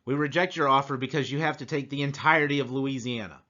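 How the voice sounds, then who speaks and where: A man's voice: medium pitch, quick pace, sharp tone, dull audio, pitched below the performer's own voice, lightly acted. A man doing blunt French negotiators. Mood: matter-of-fact.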